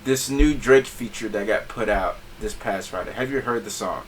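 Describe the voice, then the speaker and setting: A man's voice: on the low side, moderate pace, recorded from a distance, slight background noise. A man hosting a casual podcast, laughing often and stumbling over his words as he talks. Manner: laughs often, stammers and restarts, animated. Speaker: podcast host.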